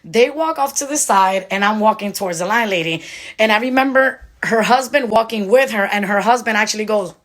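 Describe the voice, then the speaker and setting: A young woman vlogger telling a story in a casual, animated way, acting out the others' lines as she goes. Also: medium pitch, a little fast. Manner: animated, mimics others' voices in quotes.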